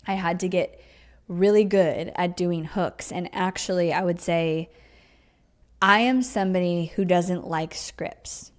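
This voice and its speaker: A woman hosting her podcast, riffing off the cuff in an emphatic, chatty teaching tone full of "like" and "you know". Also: on the low side. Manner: chatty, riffs off the cuff with many likes and you-knows. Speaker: podcast host. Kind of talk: casual solo podcast talk.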